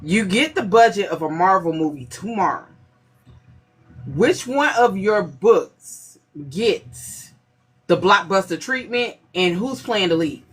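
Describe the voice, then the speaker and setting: A woman hosting a casual podcast, asking questions in a slow, lively way. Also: medium pitch, husky. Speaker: podcast host.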